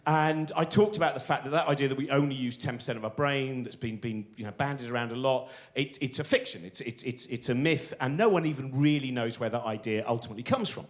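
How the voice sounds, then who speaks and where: A middle-aged comedian telling stand-up stories, excitable and acting out the voices of people in them. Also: male voice, medium pitch, quick pace, hardly any pauses. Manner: animated, excitable, acts out voices of people in his anecdotes. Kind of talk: stand-up storytelling.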